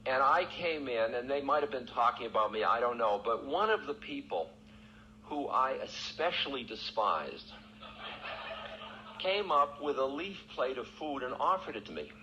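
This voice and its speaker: A man's voice: medium pitch, very animated, normal speed, pushed and bright. A male spiritual teacher telling a personal story in a candid, self-mocking way, often breaking into laughter. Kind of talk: storytelling talk. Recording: dull, lo-fi archival recording with faint hiss.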